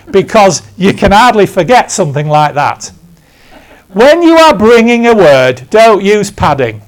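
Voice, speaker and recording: A man in his sixties from England, preaching a conversational sermon in church, telling stories with emphatic asides. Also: sits high. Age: 60s. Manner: storytelling, emphatic, self-deprecating asides.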